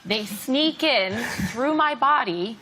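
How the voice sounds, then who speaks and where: A woman's voice: fairly high pitch, expressive, slow pace, very noisy. A female comedian on a panel show, sly and teasing. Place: TV studio with live audience. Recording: loud studio audience.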